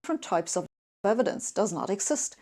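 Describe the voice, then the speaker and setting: A woman speaks in a measured, lecturing manner, explaining her points calmly. Her voice is mellow and rather dark, at an ordinary pitch. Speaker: speaker in a played video. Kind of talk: calm explanatory talk.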